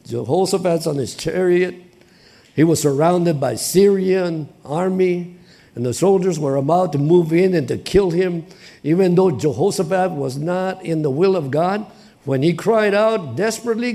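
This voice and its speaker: A male preacher with a high, gravelly voice delivers an impassioned sermon. He talks plainly with slang and repetition and builds up to shouting.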